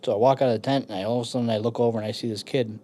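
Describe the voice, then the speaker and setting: A man in his thirties from the United States tells a war story in an easy, offhand way. He swears freely, and his voice jumps up loudly whenever he quotes the people in it. A faint hum of room noise sits under his voice. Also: medium pitch, very fast. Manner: swearing, animated when quoting others. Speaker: podcast guest, firefighter and veteran. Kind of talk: casual storytelling.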